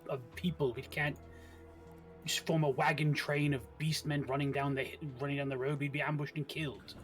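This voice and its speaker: A man's voice: fairly high pitch, little pitch movement, normal speed, faint music behind. A man playing a tabletop game, arguing in character in a blunt, matter-of-fact way. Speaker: player.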